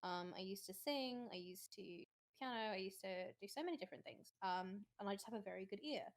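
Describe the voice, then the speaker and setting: A woman's voice: mid-range voice, fairly quick. A woman from England with an English accent, hosting a casual podcast chat and bursting into giggly laughter. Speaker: podcast host.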